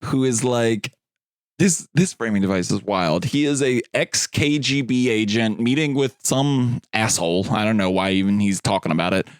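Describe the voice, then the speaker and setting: A man's voice: fairly low pitch, normal speed, smooth, dry recording, clean studio sound. A man co-hosting a podcast, chatting loosely about a movie, rambling, laughing often and swearing casually. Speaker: podcast co-host. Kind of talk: casual movie review chat.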